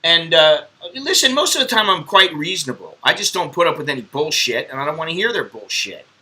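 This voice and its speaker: A man's voice: a little high, big pitch swings, brisk, bright, forceful tone. A man hosting a live stream, rambling bluntly and swearing at viewers in casual chat. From United States.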